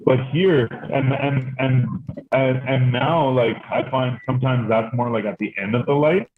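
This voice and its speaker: A man's voice: medium pitch, steady tone, unhurried, background noise. A man from Canada, a podcast host telling a story in casual chat, rambling with lots of fillers and swearing. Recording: tinny phone-like sound.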